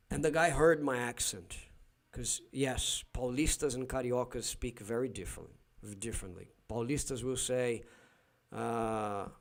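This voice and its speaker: A man from São Paulo speaks English with a Brazilian Portuguese accent at a mid pitch, hosting a casual livestream. He tells his stories animatedly and voices the other people in them, often restarting his sentences. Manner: animated storyteller, acts out dialogue, frequent restarts. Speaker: livestream host.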